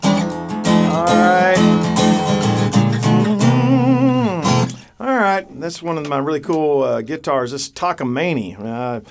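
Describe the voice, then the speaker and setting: A man with a Texan accent, a pastor hosting a casual radio talk from a church studio, folksy and animated, breaking into blessings. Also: on the high side, moderate pace, hardly any pauses, over loud music. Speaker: pastor and podcast host.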